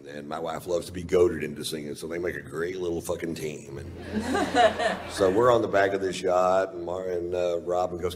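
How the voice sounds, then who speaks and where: A man doing stand-up storytelling on stage, laid-back and profane. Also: extremely low pitch. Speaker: stand-up comedian. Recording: reverberant live hall, faint hiss.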